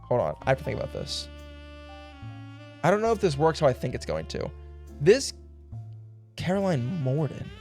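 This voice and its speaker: A man's voice: on the high side, huge pitch swings, moderate pace, gravelly, pauses often, darkish tone, soft background music. A young man streaming a puzzle game, thinking aloud in a rambling way and laughing now and then. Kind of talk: casual puzzle game livestream.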